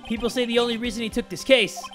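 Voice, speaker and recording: A man's voice: extremely high pitch, steady tone, fast talker, music in the background, voice pushed up. A man voicing a streetwise woman lunch vendor in a game, in a brash, confiding way.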